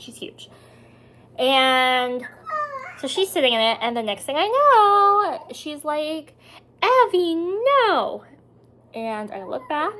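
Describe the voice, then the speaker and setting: Mom vlogger, thirties, fairly high voice, chatty storyteller, slips into whispers, filmed at home. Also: female voice, fairly bright tone, slight background noise. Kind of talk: casual chat to camera. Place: home indoors.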